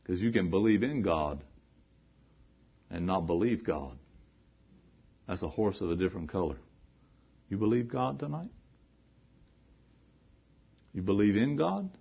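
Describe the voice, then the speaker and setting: A man preaching a sermon in a low, husky voice, dropping to hushed earnest talk and then rising to loud, emphatic preaching. He keeps putting rhetorical questions to the congregation. The recording is muffled and lo-fi. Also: expressive, unhurried, long pauses.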